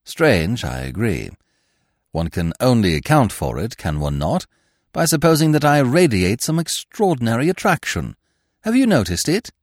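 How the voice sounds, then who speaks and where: A man reading aloud plays a suave, pompous young gentleman who talks in languid, elaborate, mock-solemn phrases. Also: medium pitch, sing-song, normal speed, no echo, clean studio sound, voice pushed up.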